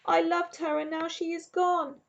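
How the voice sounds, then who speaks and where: A woman voicing a male toy china rabbit, quiet and aching, his thoughts spoken in a soft, hushed way. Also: very high voice, level tone, measured pace, vocal fry, highs cut off, pitched above the performer's own voice, exaggerated voice. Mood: grieving.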